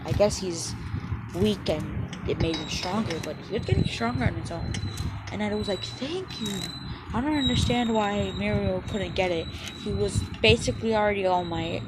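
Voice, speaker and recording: A woman spins out a fan story in a loose, rambling way, full of fillers and quick quoted lines from the characters. Her voice sits at an everyday middle pitch. A clear hiss of background noise runs under the whole recording. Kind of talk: casual spoken fan story.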